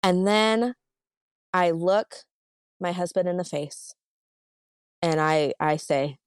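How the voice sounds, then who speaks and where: A woman's voice: lowish voice, slow, clean tone, no echo, studio quality. A woman, a podcast guest, tells a painful personal story vividly and emotionally, with many casual "like" fillers.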